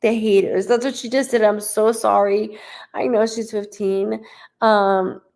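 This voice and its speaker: Chatty woman medium with vocal fry. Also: mid-range voice, steady tone, unhurried, a little mellow. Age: 30s. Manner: chatty, rambling, relays messages with frequent ums and likes. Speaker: psychic medium. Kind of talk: live psychic reading.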